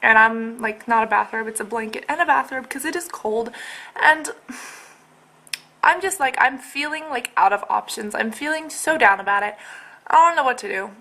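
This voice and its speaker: A woman's voice: on the high side, moderate pace, bright, forceful tone. Exasperated young woman rambling to camera. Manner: rambling and exasperated, many fillers like "like". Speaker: vlogger. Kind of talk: casual personal video update. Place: at home, indoors.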